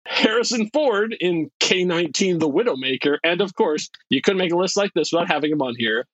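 A man's voice: high-pitched, animated, a little fast, a bit bright, no echo, highs cut off. A man co-hosting a casual movie podcast, chatting loosely, laughing often and restarting sentences as he runs a game. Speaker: podcast co-host running a game.

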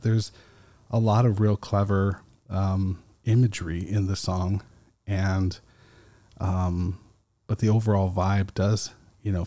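A man hosting a casual solo podcast, talking slowly and haltingly with many fillers, still foggy after an edible. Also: low-pitched, gravelly, warm tone. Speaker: podcast host.

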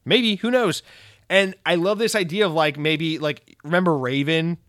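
A young man who rants about video games in a casual, rambling, profane and excitable way. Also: fairly high pitch, normal speed, dry recording, clean studio sound. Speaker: gaming commentator. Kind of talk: casual rant.

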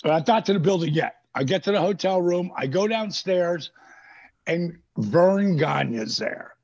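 A middle-aged man telling animated, profane stories on a podcast, acting out the voices of people he quotes. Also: sits high, a little slow. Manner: animated, profane storyteller who acts out quotes. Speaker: guest. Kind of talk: casual storytelling. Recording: dull lo-fi podcast audio.

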